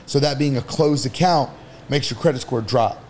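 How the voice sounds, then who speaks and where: A man's voice: medium pitch, normal speed, a little mellow, slight background noise. Blunt-talking man giving money advice. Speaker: entrepreneur guest. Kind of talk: casual podcast chat.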